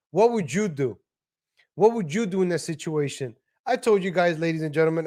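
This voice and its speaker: A man hosting a live stream, commenting on viral videos in a blunt, profane, ranting way. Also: fairly high pitch. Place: lives in Texas.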